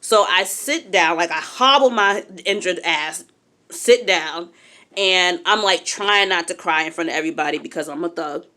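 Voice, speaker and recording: A woman's voice: fairly low pitch, moderate pace. A young adult woman telling a personal story in a casual, candid way, acting out what others said. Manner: animated, candid, acts out quotes.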